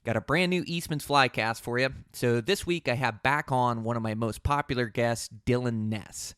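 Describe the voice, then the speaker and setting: A man's voice: medium pitch, moderate pace, fairly bright tone, smooth, no room sound, studio quality. A man hosting a podcast, talking in an easygoing, rambling way with many fillers and restarts. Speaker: podcast host. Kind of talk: casual podcast intro.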